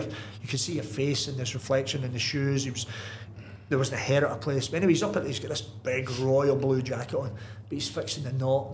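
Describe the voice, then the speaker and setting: Fast-talking man telling stories. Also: medium pitch, slight background noise. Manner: lively storyteller, many restarts and asides. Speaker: guest, football manager. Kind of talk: casual anecdotal storytelling.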